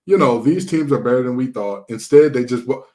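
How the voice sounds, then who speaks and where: A man's voice: mid-range voice, brisk, a little mellow. A man from Detroit hosting a sports podcast, talking casually with sarcastic, mocking humor.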